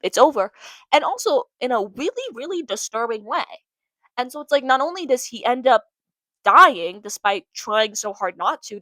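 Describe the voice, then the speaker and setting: A woman's voice: fairly high pitch, sharp tone, no room sound, poor audio. A young woman hosting her own podcast, talking alone in a casual, emotional and rambling way, often repeating phrases for emphasis. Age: young adult. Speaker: podcast host. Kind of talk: casual solo podcast monologue.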